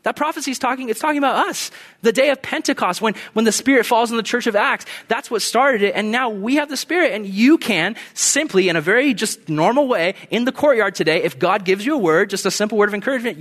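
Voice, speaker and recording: A young man preaching a casual, animated sermon, telling stories and breaking into shouted bursts. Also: extremely high pitch, fast talker. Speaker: pastor.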